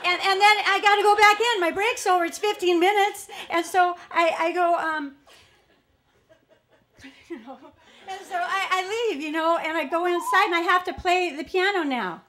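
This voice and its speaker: A woman's voice: very high voice, normal speed, pushed and bright. A woman telling a true personal story live, chatty, laughing often between lines and acting out what people in the story said.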